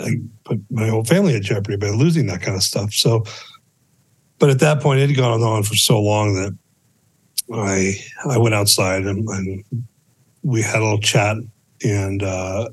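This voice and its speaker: A man in his thirties, a podcast guest, telling a personal story in a halting, matter-of-fact way with frequent restarts. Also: lowish voice, slightly rough, poor audio. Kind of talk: casual podcast interview.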